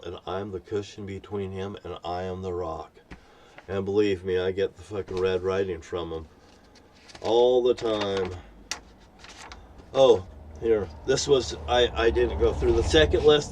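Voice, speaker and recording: A man's voice: on the low side, a little mellow, far from the mic, slight background noise. A man ranting to camera in an angry, profane, rambling preaching manner. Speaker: vlogger.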